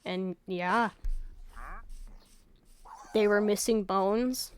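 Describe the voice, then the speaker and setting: A woman rambling over gameplay in a loose, casual vlog, her voice sounding raw and worn out. She drifts between thoughts, trails off and swears offhandedly, at a middling pitch for a woman. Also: steady tone, very slow. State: raw, tired voice. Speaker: gaming YouTuber.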